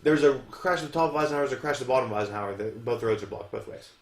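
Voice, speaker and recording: A man's voice: mid-range voice, rapid-fire, close to an everyday voice. A man voicing a matter-of-fact female store clerk in a roomy room.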